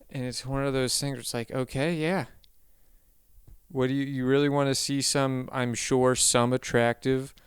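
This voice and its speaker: A man rambles through a comedic monologue in a very smooth, resonant voice, stopping often to correct himself and slipping in deadpan asides. The sound is close and dry, with no room around it. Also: mid-range voice, no echo.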